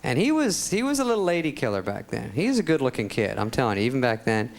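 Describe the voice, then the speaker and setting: A man's voice: medium pitch, very animated, quick pace, creaky. A man telling a sarcastic, self-deprecating stand-up story before a live audience. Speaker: stand-up comedian. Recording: loud audience laughter and noise.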